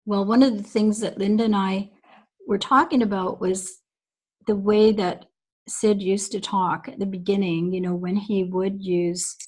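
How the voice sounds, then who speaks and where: A woman's voice: mid-range voice, fairly even intonation, a little slow, a little mellow, rough recording. A woman guest on a recorded call, telling stories from long ago in a reflective, rambling way with many fillers. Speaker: guest recalling early days.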